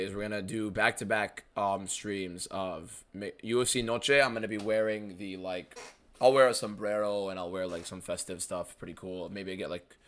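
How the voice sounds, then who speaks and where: American dude streaming a fight watchalong, kinda low voice but bright and punchy, swears a lot, answers chat casually. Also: male voice. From United States. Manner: blunt, swears freely, answers chat questions offhandedly. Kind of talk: casual live-stream chat, reading viewer questions.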